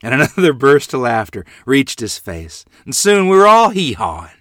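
A man narrating a read-aloud story in an expressive, good-humored manner. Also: medium pitch, normal speed, dry recording, studio quality.

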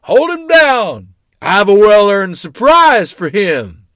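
A man voicing a gruff older great-uncle with a big booming voice. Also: big pitch swings, takes it slowly, bright, forceful tone, no room sound, studio quality, full character voice.

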